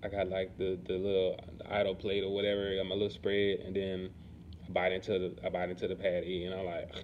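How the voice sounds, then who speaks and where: A man chatting casually to camera in a relaxed, rambling way, often asking "you know what I'm saying". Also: deep voice, quick pace. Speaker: vlogger. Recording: dull lo-fi sound with faint background noise.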